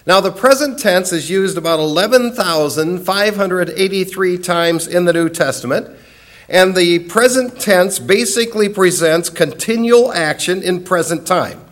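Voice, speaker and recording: A man's voice: high-pitched, measured pace, a bit bright. A man teaching a Bible study lesson in an earnest, emphatic way, repeating key words for stress.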